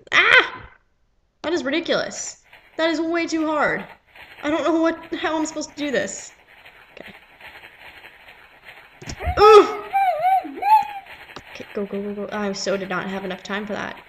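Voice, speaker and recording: A woman's voice: high-pitched, expressive, fairly quick, a little hiss or hum, poor audio. A woman commenting casually on a game she is playing, exasperated and chattering, chanting along with the action. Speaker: gaming video host. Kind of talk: casual let's-play commentary. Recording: game music playing behind.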